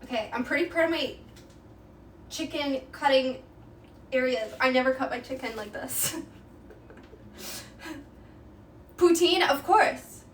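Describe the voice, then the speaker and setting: Cooking live at home, a young Quebec woman with a Québécois accent and French as her first language chats casually and giggles with viewers. She speaks in a high-pitched voice at a slow pace, pausing often. The echoey kitchen and distant mic add slight background noise.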